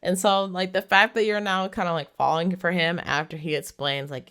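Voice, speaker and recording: A movie reviewer casually recaps a film's plot in a lowish, fairly bright, smooth voice at normal speed. She's chatty, says "like" constantly, and laughs as she retells the story.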